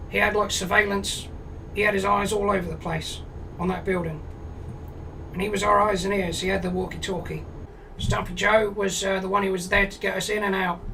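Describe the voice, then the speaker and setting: A British man with a high, gravelly, bright voice spins a crude comic tale. He talks in a flat, deadpan way and swears freely. He sits a little back from the mic, and a faint hum runs underneath. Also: far from the mic, rough recording. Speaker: streamer telling a comic story. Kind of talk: rambling comic storytelling.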